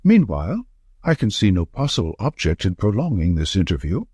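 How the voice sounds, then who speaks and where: A man's voice: sits low, very animated, a little fast, warm tone, husky, no room sound, exaggerated voice. A man playing a pompous, indignant vicar. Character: big, pompous, indignant male clergyman.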